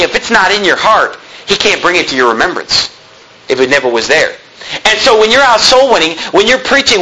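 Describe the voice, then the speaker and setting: Male pastor, bright forceful voice with a slight hiss of noise, preaching with rising emphasis. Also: a little high, rough recording. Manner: preaching with swells of emphasis, quoting scripture in King James wording. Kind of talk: sermon.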